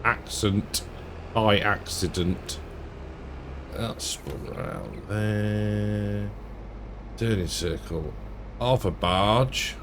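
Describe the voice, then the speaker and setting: Man, deep voice, casual let's-play commentary, thinks aloud. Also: extremely slow, long pauses, noisy background. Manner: relaxed, thinks aloud, chuckles to himself. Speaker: game streamer.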